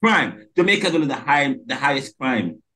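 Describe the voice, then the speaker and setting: A man's voice: mid-range voice, lively intonation, fast, fairly bright tone. A man hosting a podcast interview, who talks emphatically and stumbles and restarts his words. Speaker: podcast host.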